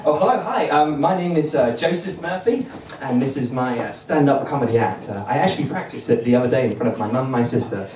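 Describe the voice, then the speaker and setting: A man's voice: mid-range voice, animated, fast talker, hardly any pauses, darkish tone, slight background noise. A young man doing a bumbling, self-deprecating stand-up set on a comedy club stage, chuckling between lines. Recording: roomy venue, mic at a distance.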